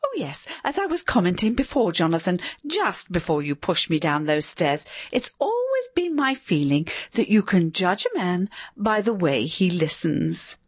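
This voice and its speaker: A woman voicing a wealthy ghost wife who scolds her husband in a shrill, piercing, high-pitched voice, triumphant and never pausing. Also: big pitch swings, breathy edge, dry recording. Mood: prattling. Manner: scolding, triumphant, nonstop chatter.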